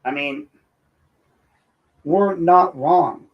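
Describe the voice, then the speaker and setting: A man's voice: a little high, drawn-out words, lo-fi sound. A man hosting political commentary, combative and sarcastic, talking straight at his critics. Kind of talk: opinionated commentary.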